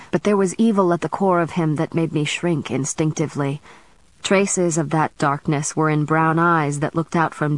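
A woman's voice: deep voice, no room sound, poor audio. Woman narrating a novel in first person. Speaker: audiobook narrator.

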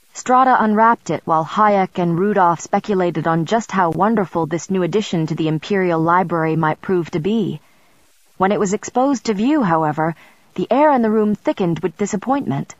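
A woman's voice: on the low side, moderate pace, no echo, muffled recording. A woman giving composed, scripted first-person audiobook narration.

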